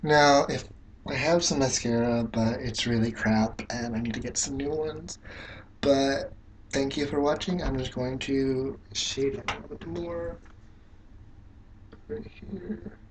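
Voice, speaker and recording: A man talks casually to camera as he works on his makeup, rambling and leaning on filler words. His voice sits at an average pitch for a man. A faint hum of ambient noise stays underneath. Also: steady tone, measured pace. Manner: rambling, filler-heavy, frank and profane. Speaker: makeup vlogger. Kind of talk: casual storytelling while doing makeup.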